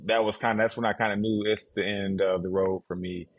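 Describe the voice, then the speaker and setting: A man in his thirties, a guest on a podcast, telling a casual and animated story about his football career. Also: fairly low pitch, brisk. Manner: animated, mimics others' voices in his stories.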